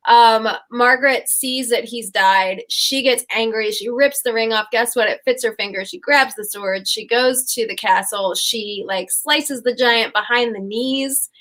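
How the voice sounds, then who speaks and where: A woman's voice: fairly high pitch, measured pace, few pauses, fairly bright tone. Chatty woman retelling fairy tales. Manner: chatty, rambling, giggly storytelling. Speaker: co-host.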